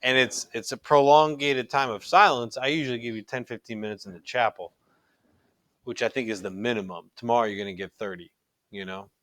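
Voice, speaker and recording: A man's voice: mid-range voice, brisk, a bit bright, no room sound. A middle-aged man teaching a recorded religion class in an earnest, conversational way, often restarting his sentences.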